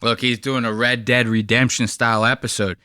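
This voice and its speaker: A man's voice: mid-range voice, level tone, a little fast, bright, forceful tone, clean tone, no room sound, studio quality. A man hosting his own channel, reacting to clips in a heated, profane, sarcastic rant. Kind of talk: casual commentary rant.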